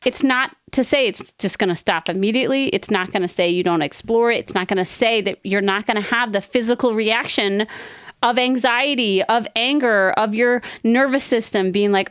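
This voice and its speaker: A woman co-hosting an advice podcast, talking in an earnest, rambling way with quick asides. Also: medium pitch, clear, resonant tone, no echo, clean studio sound. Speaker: podcast co-host. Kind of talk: casual advice chat.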